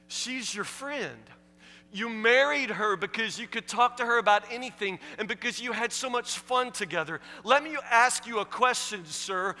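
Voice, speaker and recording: High, bright-voiced preacher in a hall. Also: male voice. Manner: emphatic, repetitive rhetorical questions. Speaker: pastor. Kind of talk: sermon.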